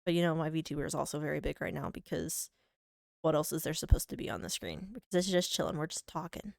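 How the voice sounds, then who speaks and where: A woman's voice: low-pitched, fast talker, gravelly, a little mellow, no room sound, clean studio sound. A young woman streaming a game from home, chatting casually in a rambling, mock-whiny, self-deprecating way. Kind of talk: casual live-stream chat.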